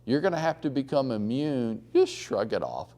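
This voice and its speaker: A man teaches a room full of agents in a blunt, animated way. He swings between stories and little acted-out phone calls, and his voice sits at an ordinary pitch for a man. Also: normal speed. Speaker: real estate trainer. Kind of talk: live training talk to a room. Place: training room with audience.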